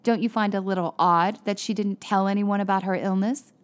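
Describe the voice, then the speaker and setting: A woman's voice: mid-range voice, fairly even intonation, a little fast, lightly acted. A woman voicing a blunt female police officer who questions a suspect firmly. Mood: probing. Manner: firm, pointed questioning.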